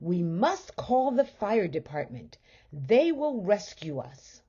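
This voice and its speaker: A woman voicing a blustering middle-aged husband who makes loud, bossy declarations. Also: medium pitch, very animated, takes it slowly, husky, muffled recording, voice pushed up, full character voice.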